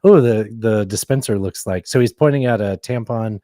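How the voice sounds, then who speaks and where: A man's voice: on the low side, normal speed, dark tone, dry recording, studio quality. A man co-hosting a podcast, reacting to clips in casual chat with a riled-up, sarcastic manner and lots of restarts. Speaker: podcast co-host.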